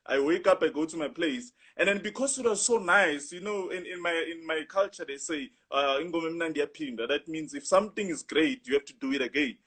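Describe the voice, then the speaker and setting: A young man with a husky voice, animatedly telling a rambling story in casual chat, full of "you know". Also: fairly high pitch, fairly bright tone. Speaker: guest storyteller.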